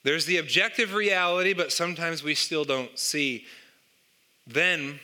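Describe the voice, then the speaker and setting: A man preaching a sermon with a very bright, sharp voice. He tells stories and puts rhetorical questions to his listeners. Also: a little high, unhurried. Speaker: pastor.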